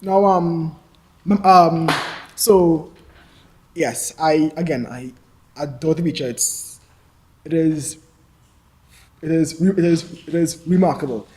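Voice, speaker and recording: A man with a stammer in a casual discussion, halting and repeating words, laughing at himself. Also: on the high side, warm tone, slight background noise.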